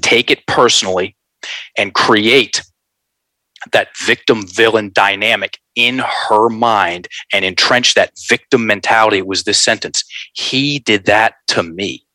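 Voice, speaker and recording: A man telling a story in an animated, folksy way, calling his listeners folks. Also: on the low side, no room sound, low-quality recording. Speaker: guest.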